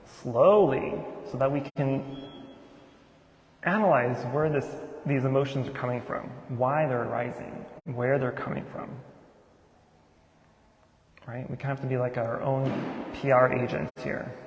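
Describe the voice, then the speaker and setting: A man's voice: mid-range voice, measured pace, long pauses, a little hiss or hum. A man giving an informal Buddhist sermon, talking conversationally and asking many rhetorical questions. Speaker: Buddhist teacher giving a Dharma talk. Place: temple hall. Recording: echoey temple hall with long reverb.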